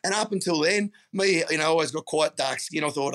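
A man's voice: on the high side, a little fast, a bit bright. Upbeat Australian man telling stories. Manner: blokey storytelling, calls people mate. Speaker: guest. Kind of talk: casual chat.

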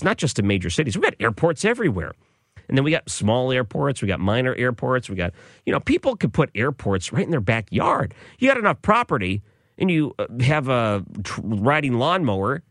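A man's voice: medium pitch, fairly bright tone, no echo, studio quality. A man hosting an overnight radio show, chatting enthusiastically with some restarts. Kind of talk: casual radio talk. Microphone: studio microphone.

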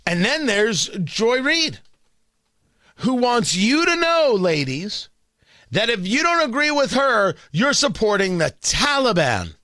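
High, lively sarcastic radio host with a New York accent. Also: male voice, slow, dry recording, clean studio sound. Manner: sarcastic, combative, rambling with repeated words. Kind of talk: talk radio monologue.

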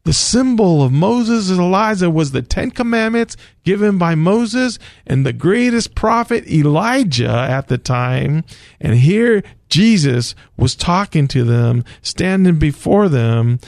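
A man teaching the Bible on the radio, taking his time over each phrase. His voice is somewhat high for a man and has a gravelly fry, and it sits close and dry with no room sound. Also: lively intonation, unhurried, darkish tone, no echo. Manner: storytelling retelling of scripture, earnest. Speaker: radio show host teaching scripture.

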